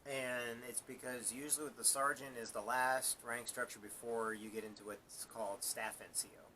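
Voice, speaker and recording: A man's voice: mid-range voice, fairly even intonation, moderate pace, pushed and bright, a little hiss or hum. A man who is a former Marine sergeant, telling a rambling story on a live stream with repeated words and laughter.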